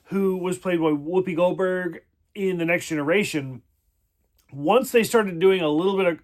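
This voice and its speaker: A man giving a casual spoken review of a TV episode, rambling, swearing freely and filling his talk with "like". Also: sits high. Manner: rambling, profane, many "like" fillers.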